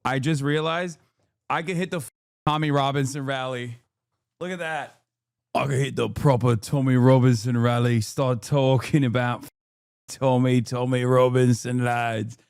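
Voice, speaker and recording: A man's voice: mid-range voice, steady tone, normal speed, darkish tone, clear, resonant tone, dry recording, clean studio sound. A man streaming his reaction to a video, ranting in exasperation, his voice climbing as he gets worked up. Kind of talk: live-stream reaction commentary.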